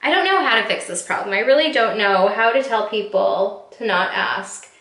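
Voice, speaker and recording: Bright-voiced woman in her thirties, rambling. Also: mid-range voice, lively intonation, normal speed, a little hiss or hum. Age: 30s. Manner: rambling, heartfelt, heavy on fillers. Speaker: vlogger. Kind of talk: candid get-ready-with-me chat. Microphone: camera mic. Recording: roomy echo.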